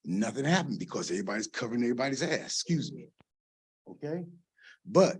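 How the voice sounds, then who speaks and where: This husky, medium-pitched voice belongs to a middle-aged man who speaks briskly and expressively. Standing at a podium microphone for a council meeting's public comment, he rambles passionately, alternating between soft and loud.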